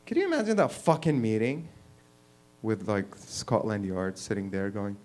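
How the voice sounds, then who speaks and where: A man's voice: on the low side, very animated, moderate pace, darkish tone. A man hosting an open mic night, doing a loose, rambling bit, with restarts along the way and laughter at his own jokes. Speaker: host. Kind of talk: stand-up comedy and hosting. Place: small comedy venue with audience.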